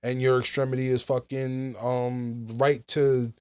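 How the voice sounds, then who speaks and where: A man's voice: mid-range voice, flat delivery, a little slow, a little mellow, clear, resonant tone. Rambling young man hosting a podcast. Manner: rambling, many restarts and fillers. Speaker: podcast host. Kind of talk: casual podcast chat.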